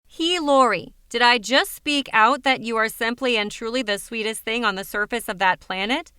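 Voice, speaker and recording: A woman's voice: on the high side, moderate pace, sharp tone, clear, resonant tone, no echo, clean studio sound. A woman voicing a lovestruck foreign man whose letter is written in awkward, bawdy English. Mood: amorous. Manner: reads a clumsy, overly intimate letter aloud.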